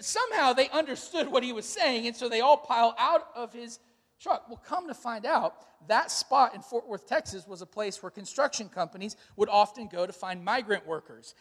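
A man's voice: extremely high pitch, moderate pace. Man preaching in a reverberant hall. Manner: storytelling, animated retellings with shouted quotes. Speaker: pastor. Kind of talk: sermon.

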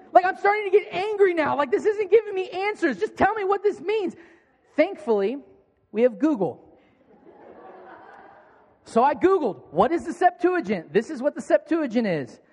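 A man in his thirties, a pastor, giving a conversational sermon with rhetorical questions. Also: high voice. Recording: long hall reverb.

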